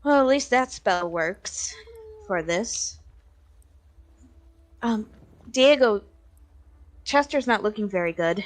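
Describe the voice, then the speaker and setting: A woman with a mid-pitched voice plays at the table, talking in a plain, measured way as she declares her actions. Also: expressive. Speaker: player. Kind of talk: casual tabletop play.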